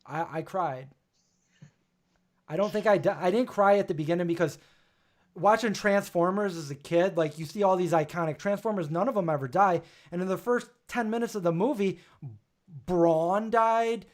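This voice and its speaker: Male host with a slightly higher voice, casual and rambling, full of exclamations. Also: normal speed. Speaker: show host. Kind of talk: casual livestream chat.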